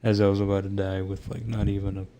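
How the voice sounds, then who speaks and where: A man's voice: low-pitched, little pitch movement, fast, background noise. A young man chatting casually to his viewers about his gaming, loose and profane, laughing often and rambling with lots of restarts. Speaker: gamer talking to viewers.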